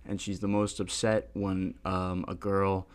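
A man's voice: low-pitched, completely flat delivery, measured pace, clean tone. A young man hosting a podcast, rambling casually and laughing at himself. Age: young adult. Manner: rambling, self-deprecating, laughs often. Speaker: podcast host.

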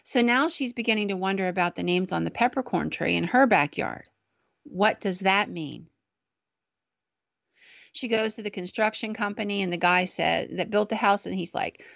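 Gravelly woman telling a ghost story. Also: medium pitch, normal speed, fairly bright tone, dry recording. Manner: conversational, chatty with fillers. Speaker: podcast host, storyteller. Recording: dull, dry lo-fi recording.

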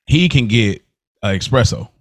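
A man's voice: medium pitch, animated, no echo, studio quality. A man co-hosting a podcast, chatting casually and laughing often as he reviews a TV episode. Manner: laid-back, slangy, laughs often, quick restarts. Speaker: podcast co-host.

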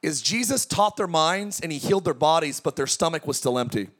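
A man preaching a lively sermon to his congregation, joking and calling out questions to the crowd. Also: a little high, fairly quick. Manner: energetic, joking preaching with audience call-outs. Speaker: pastor. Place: large tent church.

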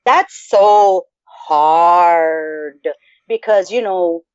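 A woman's voice: lowish voice, very slow, clear, resonant tone, no echo. Woman co-host, casual and rambly, swears freely; dull lo-fi sound, dry. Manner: profane, animated, rambling. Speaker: podcast co-host. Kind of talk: casual chat.

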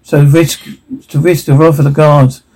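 A man reading audio description, voicing sound cues and dialogue in a flat, even way. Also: on the high side, measured pace, low-quality recording.

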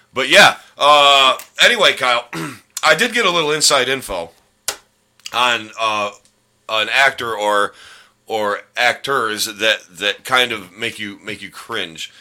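A man's voice: fairly low pitch, measured pace, bright, forceful tone, clear, resonant tone. A man hosting a casual podcast chat, rambling and joking, often stumbling over his words. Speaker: podcast host.

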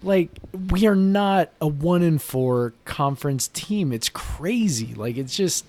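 A man's voice: a little high, lively intonation, slow, darkish tone. A male podcast co-host chatting casually from his basement, sounding tired and frustrated and leaning hard on "like.". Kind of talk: casual chat. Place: home basement.

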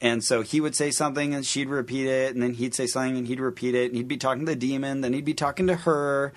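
Man, podcast co-host, casual chat, animated storytelling, laughs a lot, middle pitch. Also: fast talker.

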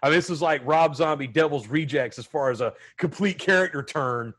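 A man hosting a casual podcast movie review, animated and prone to goofy impressions. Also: on the high side, a little fast, husky. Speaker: podcast host.

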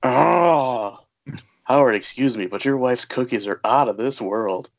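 A man's voice: medium pitch, a little slow, gravelly, pitched above the performer's own voice. A man voicing an overly cheerful, cookie-obsessed male house guest who gushes in a sing-song, oblivious way. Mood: gushing.

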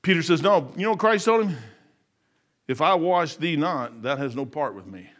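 Animated high-voiced preacher man. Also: normal speed. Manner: folksy, animated, acts out voices and laughs. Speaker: lay preacher. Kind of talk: sermon.

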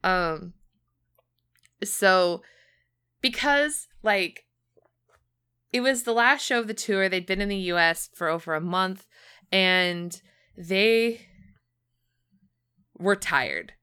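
A woman's voice: mid-range voice, slow pace, pauses often, bright, forceful tone, clear, resonant tone. A young woman co-hosting a podcast, telling a story in casual chat with lots of fillers and acted-out quotes. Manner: chatty storytelling, many fillers, acts out quotes. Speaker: podcast co-host.

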